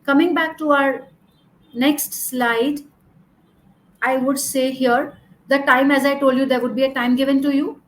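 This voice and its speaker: A woman's voice: high-pitched, steady tone, unhurried, long pauses, rough recording. A woman exam coach teaching a lesson over slides, speaking in an instructive way, repeating her points and using "you know" as a filler.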